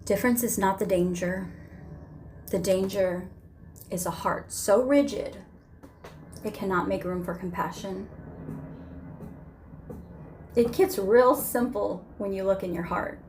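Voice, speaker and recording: A woman's voice: medium pitch, unhurried, pauses often, a little mellow, slight background noise. A woman vlogger giving impassioned spoken commentary, emphatic and driving points home with sermon-like repetition.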